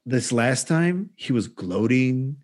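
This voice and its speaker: Animated, lively forty-something man. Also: mid-range voice, slow pace. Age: 40s. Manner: animated storytelling, swearing, acting out quotes. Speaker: podcast co-host. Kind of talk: casual chat.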